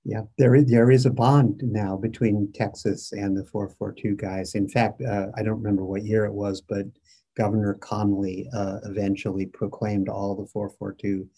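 Low, flat-voiced author, husky and mellow. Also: male voice, normal speed. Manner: reflective, hesitant, many fillers. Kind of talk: conversational interview.

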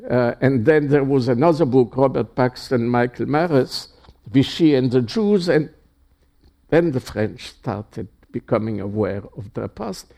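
An older man from Czechoslovakia is interviewed about his past. He speaks slowly in a dark, gravelly voice, pausing often and restarting his sentences. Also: mid-range voice, expressive. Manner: halting, with many fillers and restarts. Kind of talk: oral history interview.

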